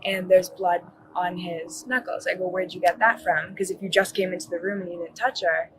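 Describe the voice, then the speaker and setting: A woman's voice: lowish voice, level tone, fairly quick, a bit bright, slight background noise, low-quality recording. A young woman, a college student, telling a police officer what happened in a rambling way full of fillers and restarts, recorded on a bodycam. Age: young adult. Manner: rambling, filler-heavy, self-correcting. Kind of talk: recounting events to police.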